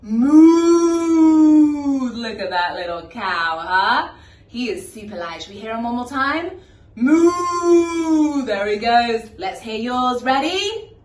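A woman's voice: fairly high pitch, animated, unhurried, far from the mic. A woman teaching music to young children, singing nursery songs in an encouraging, sing-song way. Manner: sing-song, encouraging, soft whispering at the end. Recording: echoey room, voice from the mic.

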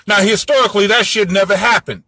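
A man's voice: high voice, steady tone, fast talker, bright, forceful tone, dry recording. A man giving a heated solo monologue to his audience, ranting in a fiery, profane, preachy way. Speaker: host lecturing his audience.

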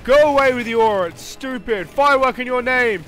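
A young man giving live gameplay commentary, swinging from loud swearing outbursts to low muttering as he plays. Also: animated, a little fast. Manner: swears and yelps at the game. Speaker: gaming commentator.

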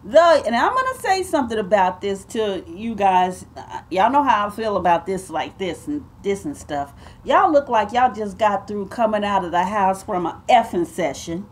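Animated woman telling a story. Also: mid-range voice, normal speed. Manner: animated, emphatic, addresses viewers as y'all and babe. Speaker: vlogger. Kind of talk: casual storytelling to viewers.

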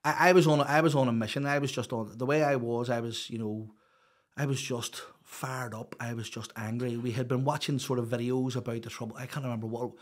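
A middle-aged man talks through his past in a raw, confessional way. He stumbles, restarts and leans on fillers as the words come out. His pitch sits in an ordinary middle range. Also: fairly even intonation, brisk. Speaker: podcast guest. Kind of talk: candid personal storytelling.

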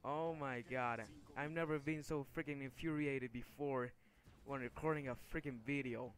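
A man's voice: mid-range voice, steady tone, normal speed. A young man commenting over his own gameplay, frustrated and swearing, with sudden angry outbursts between mumbled asides. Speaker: gaming video creator.

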